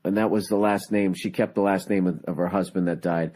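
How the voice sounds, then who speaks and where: Rambling, profane man with a lower voice. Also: fairly even intonation, fairly quick, darkish tone. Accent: Boston. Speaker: podcast host. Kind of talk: casual chat.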